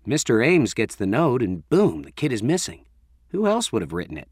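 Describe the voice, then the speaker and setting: A man's voice: medium pitch, wildly swooping pitch, moderate pace, a little mellow, husky, dry recording, studio quality. A man voicing a wry, slightly nervous teenage boy in a storybook reading. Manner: wry, offhand.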